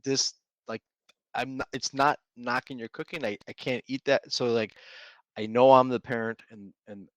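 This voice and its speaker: A man co-hosting a casual podcast about parenting, telling animated stories and acting out his kids' lines. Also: mid-range voice, moderate pace, dry recording. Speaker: podcast co-host. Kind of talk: casual chat.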